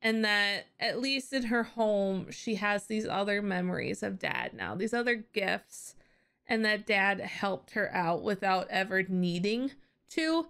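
A woman's voice: mid-range voice, expressive, a little slow, vocal fry, a bit bright, clean tone. A young woman hosting an anime reaction, chatting emotionally and getting teary, with lots of "like" and "you know.". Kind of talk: casual reaction commentary.

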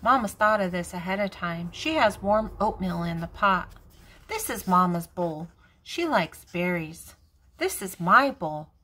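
An older woman, a grandmother, reading a children's picture book aloud in a gentle, even way. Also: lowish voice, a little slow. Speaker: storybook reader.

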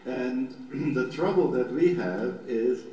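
A man in his seventies, a rabbi giving a lecture, guiding listeners through meditation and reading scripture in a gentle, unhurried way. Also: medium pitch. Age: 70s. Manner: gentle, unhurried guidance with drawn-out pauses. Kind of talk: guided meditation teaching and slow scripture reading. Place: large lecture hall. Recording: very echoey hall recording with faint background noise.

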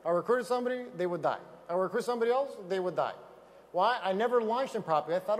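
A man giving an energetic motivational talk on stage with slides, emphatic and repeating key phrases for effect. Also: sits high, quick pace, in a large hall. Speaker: business opportunity speaker.

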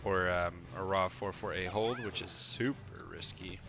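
A man giving a casual fighting game tutorial, explaining moves in a relaxed way with frequent "um" and "right?" asides. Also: low-pitched, a little slow, vocal fry, noisy background.

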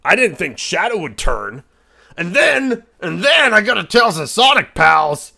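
A man voicing a brash, hot-headed male echidna in a live-stream role-play, rambling, stammering and crude, quick to yell. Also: high voice, very animated, creaky, exaggerated voice. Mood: rambling banter.

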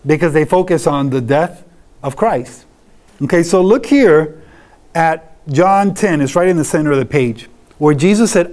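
Man, fairly high voice, Bible class teacher, conversational, rhetorical questions. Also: animated, moderate pace, a little mellow. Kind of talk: church doctrine class.

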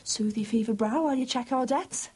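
A woman's voice: a little high, brisk, close to an everyday voice. A woman playing a wry, coaxing wife. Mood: wheedling. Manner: teasing, coaxing. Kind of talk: TV soap acting. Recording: noisy TV soundtrack.

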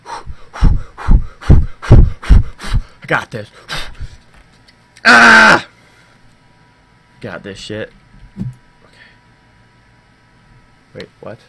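A man doing horror game let's play commentary, babbling and swearing when scared and jumping to loud, high yelps. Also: drawn-out words, vocal fry, pauses often. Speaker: gaming YouTuber. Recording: steady background noise.

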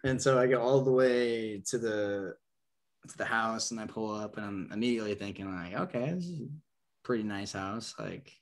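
A young adult man from Nebraska, with a lowish voice and a moderate pace, tells a long, rambling story as a podcast guest. It's casual storytelling packed with "like" and "um," and he acts out the people in it with lively quotes.

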